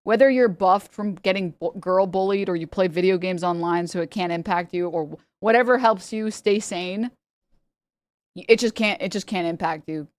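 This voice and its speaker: A woman's voice: lowish voice, normal speed, no room sound. Rambling, profane woman streamer. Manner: rambling, profane, laughs often, mocking. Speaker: livestreamer. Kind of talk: casual stream chat.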